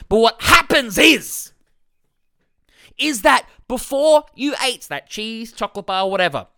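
Bright-voiced, blunt male life coach. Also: high-pitched, sing-song, normal speed, no echo, studio quality. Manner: blunt, swears freely, jokey mock impressions. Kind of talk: motivational self-help talk.

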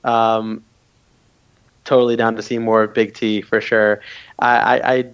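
Flat-voiced man, hesitant, on a dull mic. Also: lowish voice, unhurried, clear, resonant tone. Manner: hesitant, stumbling restarts. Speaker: podcast co-host. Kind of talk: casual chat about a reality show.

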